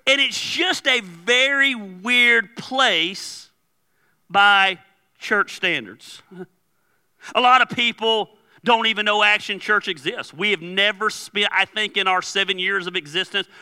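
A man's voice: sits high, bright, forceful tone, clear, resonant tone. A male pastor preaching in a loose, conversational way, telling stories and acting out the dialogue. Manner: conversational storytelling with laughs and quoted dialogue. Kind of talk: sermon.

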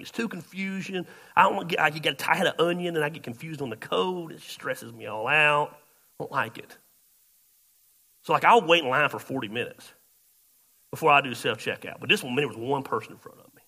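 A man pastor, telling a story in a sermon, shifting between loud outbursts and quiet asides. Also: mid-range voice, creaky.

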